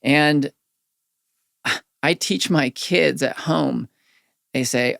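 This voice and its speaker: A middle-aged man speaks as a podcast guest, his voice sitting somewhat high and carrying a gravelly fry. He talks candidly and earnestly, and grows animated as he tells stories. The sound is dry and close, like a studio mic. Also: very slow, pauses often, no room sound. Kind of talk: reflective storytelling in a podcast interview.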